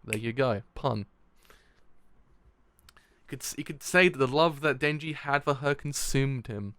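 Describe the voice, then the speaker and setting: A young man hosting a live manga reaction and review, excitable, swearing freely and laughing often. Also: mid-range voice, a little slow. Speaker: manga reaction channel host.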